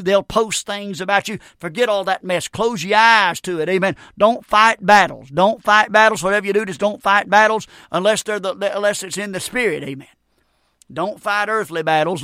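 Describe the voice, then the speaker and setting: Folksy high-pitched preacher. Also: male voice, pushed and bright, dry recording, studio quality. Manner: folksy, emphatic, calls out "Amen" and "friend". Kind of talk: revival sermon.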